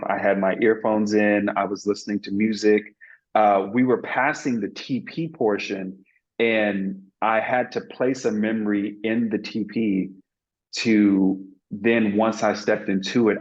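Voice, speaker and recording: A man's voice: fairly low pitch, highs cut off. A man being interviewed as an actor, telling a story in an earnest, reflective way with many fillers and restarts.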